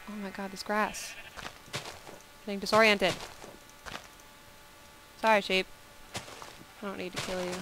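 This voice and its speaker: A woman with a mid-range voice narrates her video game play slowly and easily, chatting playfully with the animals she comes across. It's casual let's-play commentary, with a steady background hiss beneath her.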